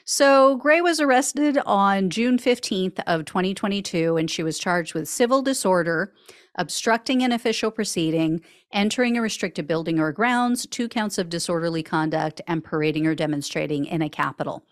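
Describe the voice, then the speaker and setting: A woman's voice: lowish voice, moderate pace, dry recording. Sarcastic woman podcast host. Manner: dry sarcastic asides. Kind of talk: news commentary podcast.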